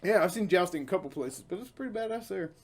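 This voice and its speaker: A man from Ohio tells loose, easygoing stories on a casual drinking podcast, swearing offhandedly. His voice sits high and moves around a lot in pitch. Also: animated, fast. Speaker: podcast co-host.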